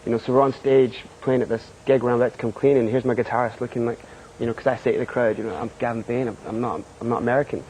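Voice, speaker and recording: A man's voice: medium pitch, fairly even intonation, rapid-fire, darkish tone, a little hiss or hum, poor audio. A young man from Scotland with a Scottish accent, a guest on a TV studio interview, candid and filler-heavy, laughing often.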